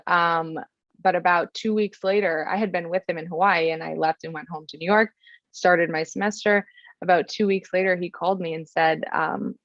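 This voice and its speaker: A woman's voice: fairly low pitch, no echo. A young woman from Florida, a podcast guest telling a personal story in an earnest, reflective way, with many ums and restarts. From Florida, USA. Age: young adult. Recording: dull, dry, lo-fi sound.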